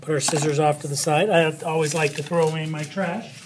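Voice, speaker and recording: A man's voice: a little high, steady tone, noisy background. A man teaching children a spelling lesson, playful and patient, talking straight to them. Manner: playful, slow and patient, speaks to an unseen child.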